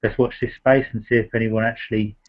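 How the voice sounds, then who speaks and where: A man hosting a discussion, talking in a halting way with many fillers and restarts. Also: lowish voice, flat delivery. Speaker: host. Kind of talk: casual discussion. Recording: dull lo-fi sound.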